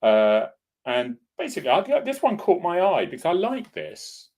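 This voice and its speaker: A man's voice: high voice, huge pitch swings, moderate pace, a little mellow. A middle-aged man, a former police officer, hosting a casual solo chat in a rambling, opinionated way. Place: home in Cornwall.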